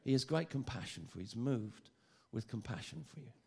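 A man preaching a sermon, lively and joking, often stammering and repeating phrases. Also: mid-range voice, a little fast, creaky, husky.

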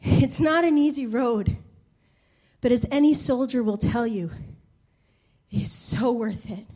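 A woman preaching a sermon, telling a personal story in a lively voice, laughing often and acting out the people she describes. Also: fairly high pitch, unhurried. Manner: animated, laughing, acts out the people in her stories.

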